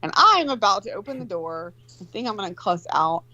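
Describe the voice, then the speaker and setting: A woman's voice: medium pitch, very animated, a little fast, sharp tone, dull audio. A woman in her forties telling a long, profane, rambling story in casual chat.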